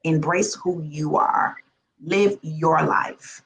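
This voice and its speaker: A woman on a panel giving advice slowly and emphatically in short phrases. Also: low voice, fairly even intonation, a little hiss or hum, low-quality recording.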